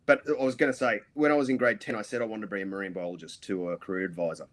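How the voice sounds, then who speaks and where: Low-voiced Australian man telling stories. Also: fairly even intonation, racing. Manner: rambling, lots of ums and restarts. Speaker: guest. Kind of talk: casual interview storytelling.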